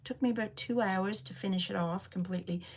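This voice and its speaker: A woman's voice: medium pitch, fairly quick. A woman hosting a casual livestream from home, chatting in a rambling way with many ums while showing her knitting. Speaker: livestream host. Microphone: phone.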